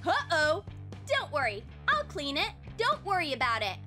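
A woman's voice: high voice, wildly swooping pitch, moderate pace, exaggerated voice. A woman voicing a sneaky, meddling young woman in an overdubbed prank clip, with a sing-song, theatrical delivery. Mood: scheming sweet. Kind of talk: overdubbed prank-video dialogue. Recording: voice over loud background music. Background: music.

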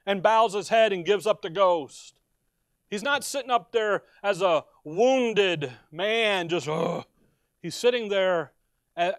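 High-voiced impassioned male preacher. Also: no room sound, clean studio sound. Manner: impassioned preaching, swinging from quiet asides to loud cries. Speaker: pastor. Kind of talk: sermon.

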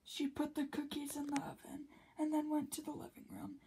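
A woman reading a children's picture book aloud, slipping often into a soft whisper between the characters' lines. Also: high voice, monotone, moderate pace, slight background noise, poor audio.

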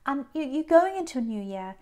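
Higher-voiced woman musing through a reading. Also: very animated, brisk, a little mellow. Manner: musing, repeats phrases, frequent restarts. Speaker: tarot reader. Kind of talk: tarot reading monologue.

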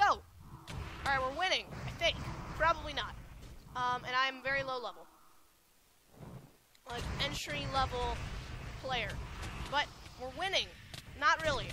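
A woman with a notably high voice narrates her computer game as she plays, getting loud and excited in fights and calling out her spells. Her desk mic picks up a steady background noise. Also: a little slow, long pauses. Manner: excitable, shouts spell names and taunts mid-fight. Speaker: gaming channel host. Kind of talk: live gameplay commentary.

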